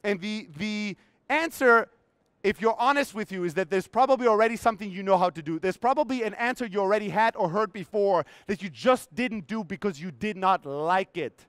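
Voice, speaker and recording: A man's voice: high-pitched, a little fast, a bit bright, clear, resonant tone, no room sound. A man in his thirties giving a blunt, profane motivational talk on a conference stage, acting out his own inner voices, his voice strained. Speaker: keynote speaker.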